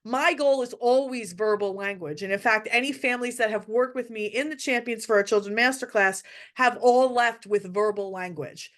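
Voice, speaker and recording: A middle-aged woman presents an online workshop for parents from a hotel room, giving an emotional webinar talk in a direct, heartfelt manner with frequent restarts. Her voice is fairly high and her pace moderate.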